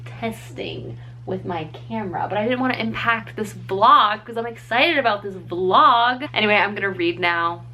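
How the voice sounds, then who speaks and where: Her mid-range voice is bright and forceful, moving at a normal speed with few pauses. This young woman chats casually into a handheld vlog camera at home, using lots of fillers and poking fun at herself.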